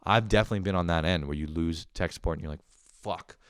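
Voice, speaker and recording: A man's voice: low-pitched, rapid-fire, smooth, no room sound, clean studio sound. A young man casually telling funny work stories on his podcast, swearing and laughing, breaking into squealing impressions. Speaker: podcast host. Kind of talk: casual solo storytelling.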